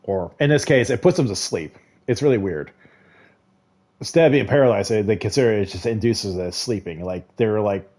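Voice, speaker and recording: With a lowish, darkish voice, this gaming vlogger rambles through a recap of a show. He chuckles a lot and retells scenes by briefly voicing the characters he quotes.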